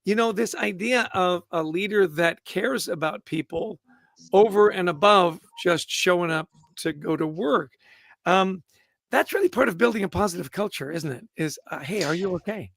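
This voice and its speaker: A man's voice: sits high, moderate pace, gravelly, a bit bright, dry recording. Man, interview host, upbeat, stumbling restarts, dry close sound. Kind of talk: livestream interview.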